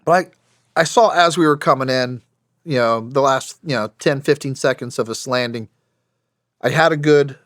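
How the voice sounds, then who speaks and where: At normal speed, a man in his forties from the United States relates stories in a podcast interview, drawing on his special operations past. His medium-pitched voice is a bit bright, and his delivery is plain and wry, full of restarts. The recording is dry and clean, in a studio.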